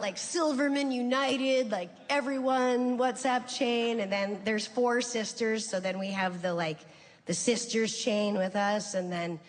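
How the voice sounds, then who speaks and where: On stage at a big comedy venue, a middle-aged female stand-up with a mid-range voice rambles through a family tale, peppering it with "like," restarting and imitating family members. The hall is reverberant, with faint ambient sound.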